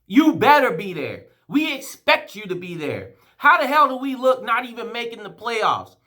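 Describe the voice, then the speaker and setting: Dude ranting hard about his team, swearing a ton, pitch jumping all over, bright edgy voice. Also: sing-song, normal speed. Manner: heated, profane, emotional rant; rambling with frequent restarts. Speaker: sports fan vlogger. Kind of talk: ranting fan vlog.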